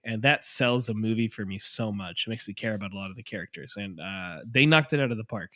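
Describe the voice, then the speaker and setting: A man's voice: fairly low pitch, quick pace, sharp tone, dry recording, clean studio sound. Agreeable male podcast co-host. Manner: agreeable, thoughtful, chimes in. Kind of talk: casual chat.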